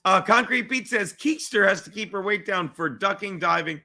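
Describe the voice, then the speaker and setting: A man hosting a casual football watch stream, loud and excitable, yelling at the game. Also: high voice, normal speed. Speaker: livestream host.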